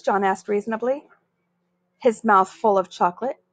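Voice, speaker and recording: A woman reading a children's chapter book aloud in a steady, expressive way. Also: medium pitch, moderate pace, dry recording. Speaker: story reader.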